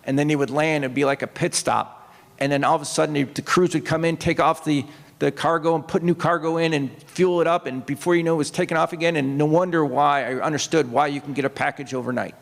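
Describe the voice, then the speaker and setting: A man's voice: a little high, fairly even intonation, quick pace, gravelly. A man who is a retired Navy officer and author, telling rambling anecdotes to an audience on a stage, with restarts and quoted voices. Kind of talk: storytelling talk to an audience. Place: opera house stage. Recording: long hall reverb.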